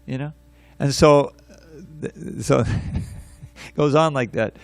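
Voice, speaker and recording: A man giving a scripture class, telling a story in an animated way, repeating words and restarting his sentences. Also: mid-range voice, slow pace, gravelly, no echo.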